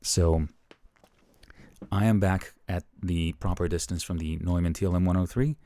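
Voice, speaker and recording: A man teaching about microphones in a chatty, casual demonstration, moving closer to and farther from the mic in a small, lively room. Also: sits low, moderate pace. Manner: chatty, explains while moving toward and away from the mic. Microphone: studio microphones tested at changing distances.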